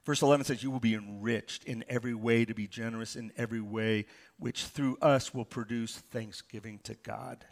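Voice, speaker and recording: A pastor giving a sermon, reading scripture verses aloud and explaining them with stories and asides. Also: male voice, medium pitch, steady tone, moderate pace, vocal fry.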